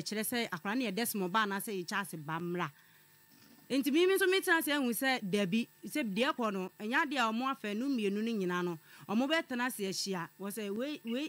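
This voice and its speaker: A woman's voice: a little high, fairly bright tone. A woman on a radio advice panel, earnestly explaining how a dispute should be settled.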